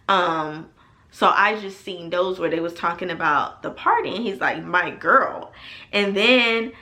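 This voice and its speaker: Mujer animada contando una historia, voz brillante. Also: female voice, on the low side. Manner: animated and emphatic, addresses viewers as y'all. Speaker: storytelling vlogger. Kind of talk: casual storytime vlog.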